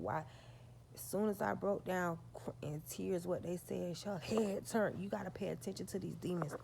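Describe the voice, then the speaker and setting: Woman vlogger, low gravelly voice, profane, emphatic storyteller. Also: darkish tone, slight background noise. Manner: profane, emphatic, talks straight to her audience. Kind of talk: storytelling to her viewers.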